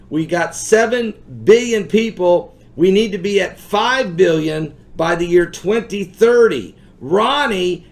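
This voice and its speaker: Guy hosting a talk show, kinda high voice, earnest, leans on his words. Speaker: host.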